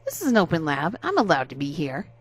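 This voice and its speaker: An obnoxious young man, put on by a woman reading a story, talks in a smug, whiny way. His voice sits fairly low, and he grows loud when he pleads. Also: huge pitch swings, fast, slightly rough, full character voice. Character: rude, obnoxious young man who harasses classmates.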